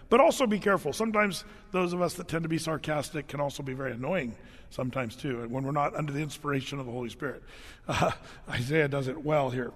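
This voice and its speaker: A man's voice: a little high, long reverb tail. A man preaching a sermon as a pastor, telling stories in a casual, joking, conversational way full of "um" and "you know". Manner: casual, conversational, humorous storytelling; frequent fillers and restarts.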